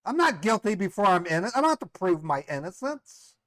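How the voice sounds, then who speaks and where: High-voiced indignant man on a prank call. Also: big pitch swings, fairly quick, fairly bright tone, no room sound. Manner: indignant, defensive, rambling protests. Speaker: scambaiter posing as a caller. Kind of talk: prank call role-play.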